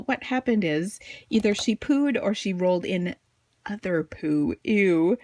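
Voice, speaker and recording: A woman's voice: medium pitch, no echo. A woman in her thirties chatting casually as she makes a greeting card, telling a funny family story and laughing often. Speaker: card-making crafter and blogger. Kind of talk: casual storytelling while crafting.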